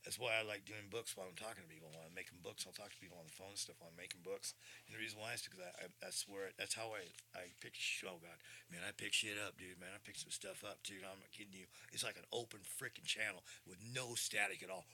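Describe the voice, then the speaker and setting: A man in his sixties hosting a podcast, talking in a casual rambling monologue, excitable and swinging from low mutters to loud bursts. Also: fast talker, a little hiss or hum. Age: 60s. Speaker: podcast host. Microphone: studio mic through audio interface.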